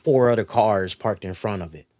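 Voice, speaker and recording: A man's voice: on the low side, normal speed, no echo, studio quality. A man co-hosting a podcast, telling a story casually and with heavy swearing, acting out the people involved. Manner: animated, profane, acts out voices. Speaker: podcast co-host.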